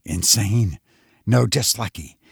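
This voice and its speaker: A man voicing a grim, urgent husband and father, talking in a clipped, commanding, hurried way. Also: lowish voice, vocal fry, husky, no echo, clean studio sound, full character voice.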